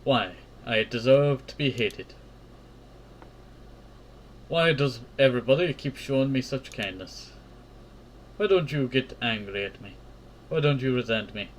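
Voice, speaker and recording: A guilt-ridden young woman from a visual novel pleads softly through her apologies, as a man reads her lines in his own voice. Her words come out halting and hushed. A faint hum of noise sits underneath. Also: medium pitch, natural voice. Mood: remorseful.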